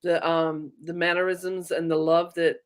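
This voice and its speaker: A middle-aged woman from Ireland whose Irish accent has been softened by decades in the American South, telling stories animatedly in a casual interview. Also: lowish voice, unhurried, clear, resonant tone. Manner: animated storyteller, acts out quoted voices. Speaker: guest.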